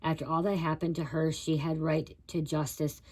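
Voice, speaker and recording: A woman on a live stream reads from a card guidebook, tripping over words and breaking off to address her viewers. Her voice sits low and stays fairly flat and even. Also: normal speed, low-quality recording. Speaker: tarot reader.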